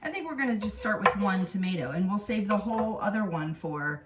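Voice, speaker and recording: A woman's voice: medium pitch, lively intonation, fairly quick, roomy sound, recorded from a distance, noisy background. A woman hosting a casual cooking vlog in her home kitchen, chatting and explaining as she works.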